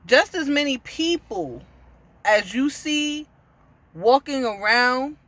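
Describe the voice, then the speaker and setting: Earnest woman preaching, bright voice. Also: high voice, expressive, dry recording. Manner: earnest, asks many direct questions; repeats phrases, often pauses with "you know" and "um". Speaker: spiritual teacher. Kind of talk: informal sermon to camera.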